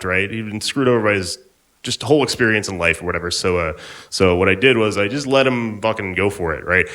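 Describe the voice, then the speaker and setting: A man's voice: fairly low pitch, sharp tone. Laid-back young male stand-up comic. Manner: laid-back, rambling, offhand. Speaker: stand-up comedian. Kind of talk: stand-up comedy set. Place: live comedy venue on stage.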